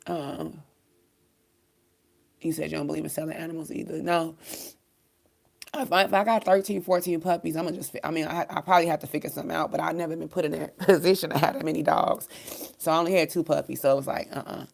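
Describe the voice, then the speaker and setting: A woman in her thirties hosting a livestream while grieving, halting with many pauses as she reads viewer comments, near tears. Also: low-pitched, steady tone, gravelly. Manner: halting, many ums, swears, faith talk. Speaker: livestream host.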